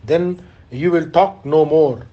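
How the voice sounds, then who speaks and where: A man reading aloud as a scornful male charioteer who taunts the hero, in a measured, solemn way. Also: fairly high pitch, dull audio.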